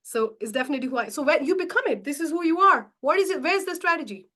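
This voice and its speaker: A woman coaching a live online session, animated and emphatic, firing rhetorical questions at her audience and repeating her key points. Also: high voice, fast. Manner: acts out inner voices dramatically. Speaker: money mindset coach.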